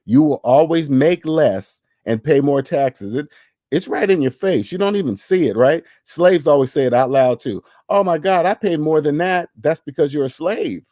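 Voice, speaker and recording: A man's voice: on the high side, lively intonation, normal speed, mellow, no echo, studio quality. A man hosting a money channel, lecturing in casual livestream commentary, emphatic and repetitive, answering viewer chat. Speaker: finance channel host.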